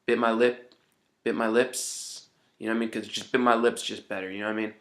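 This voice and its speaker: A man's voice: fairly low pitch, level tone, fast, fairly bright tone. A man giving casual songwriting advice in a rambling way, often saying "you know what I mean".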